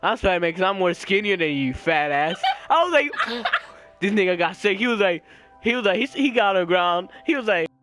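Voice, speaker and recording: A young man telling a story in casual chat, slangy and profane, animated and laughing, acting out the people he quotes. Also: high-pitched, fairly quick, soft background music. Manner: slangy, profane, repeats filler "right?".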